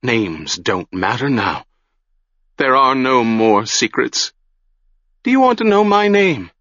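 A man's voice: medium pitch, sing-song, slow, fairly bright tone, no room sound, muffled recording. A man voicing an old, grey-haired woman, a broken former sorceress who swings between whispering awe and wild anguish. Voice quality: whispery, trembling, pleading.

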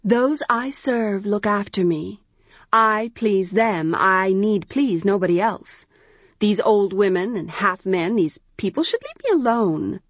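A woman's voice: medium pitch, animated, slow pace, no room sound, lo-fi sound. A woman reading a storybook, voicing a fierce, proud young girl priestess who speaks with haughty scorn.

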